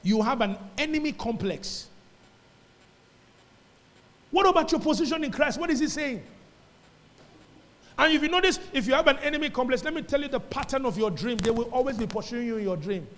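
A man's voice: very high-pitched, moderate pace, pauses often, fairly bright tone, big-room sound. A man with a Nigerian accent preaching a sermon as pastor, emphatic and repeating his phrases, sometimes slipping into pidgin.

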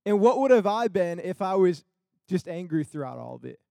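A man's voice: high voice, sing-song, brisk, vocal fry, mellow, no room sound, studio quality. A young man telling a funny personal story to an audience, laughing often and acting out the people he quotes.

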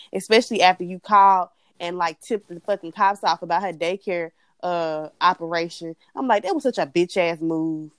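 A young woman co-hosting a casual chat, blunt and animated, swearing freely as she rants. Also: mid-range voice, no room sound. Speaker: podcast co-host.

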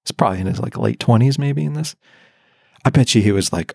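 A man's voice: medium pitch, animated, quick pace, vocal fry, a little mellow, breathy edge, no echo, clean studio sound. A man co-hosting a podcast in casual chat. He talks animatedly and laughs often. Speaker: podcast co-host.

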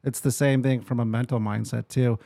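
A realtor man talks business on a podcast in a loose, rambling way, stacking fillers and restarts. His pitch sits mid-range. The recording is dry and close. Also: little pitch movement, a little fast, gravelly, warm tone, no room sound. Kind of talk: casual podcast chat.

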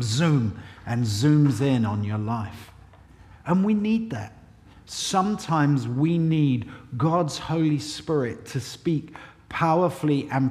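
A middle-aged man delivers a sermon in a church, his voice sitting at an ordinary middle pitch. He tells personal stories in a chatty, self-deprecating way, and long reverb from the hall trails after his words. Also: darkish tone. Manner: conversational storytelling with self-deprecating asides. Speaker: preacher.

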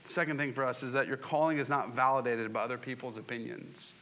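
A man's voice: mid-range voice, flat delivery, quick pace, pushed and bright. A man preaching a sermon, asking the congregation questions and acting out scripture scenes. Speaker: pastor.

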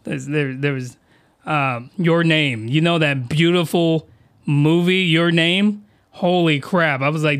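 High-pitched, excitable man ranting. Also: slow pace, smooth. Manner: excitable, slangy, shouts when worked up. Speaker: podcast host reviewing anime. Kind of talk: animated solo podcast rant. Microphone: desk microphone, close.

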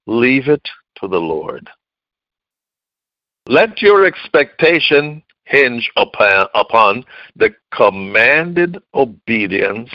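Male preacher, emphatic sermon delivery, very animated pitch, dry close sound. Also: dry recording, muffled recording. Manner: emphatic, swinging from loud outbursts to low hushed lines.

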